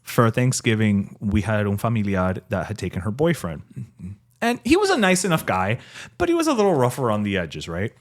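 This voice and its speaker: A man with a Miami accent, hosting a podcast in casual, joking conversation. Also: fairly low pitch. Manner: lively, joking, quick to laugh. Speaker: podcast host.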